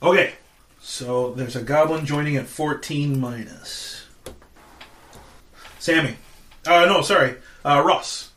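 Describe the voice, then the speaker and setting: A man's voice: takes it slowly, long pauses, fairly bright tone, a little hiss or hum. A man narrating as dungeon master of a tabletop game, playful and casual. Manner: playful, puts on squeaky goblin voices.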